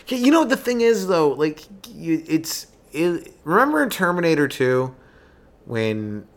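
A young man doing a rambling, profane comedy monologue as a stand-up podcast host, who keeps breaking into quick acted voices and yells. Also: mid-range voice.

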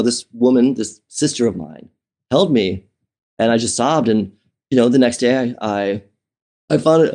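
A man in a mid-range, mellow voice talks about his life as an interview guest, openly and with feeling. He's relaxed in tone but keeps restarting phrases and filling gaps with "um" and "you know."

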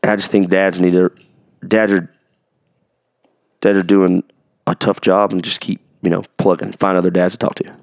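A man's voice: low-pitched, little pitch movement, normal speed, creaky, pauses often, no room sound. A man hosting a podcast about fatherhood, talking earnestly in a rambling, casual way and often asking if it makes sense. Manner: earnest, rambling, asks for agreement. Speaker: podcast host.

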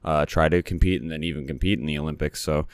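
Young man, extremely low voice, smooth and resonant, dry close sound, rambling casual sports talk. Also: fairly even intonation, fast talker, dry recording. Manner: rambling, many "uh" and "um" fillers, blunt asides. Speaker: commentator recapping sports results. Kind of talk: casual solo commentary.

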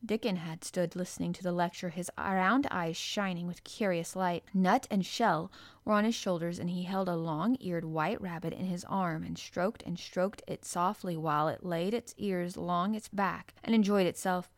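Low-voiced woman reading a storybook. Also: fairly even intonation, moderate pace, no room sound. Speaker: audiobook narrator. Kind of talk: storybook narration.

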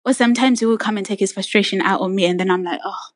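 Speaking very fast in a medium-pitched voice, a woman co-hosting a podcast shares a personal story in casual conversation. She's earnest and reflective and acts out what other people said. The recording is dry.

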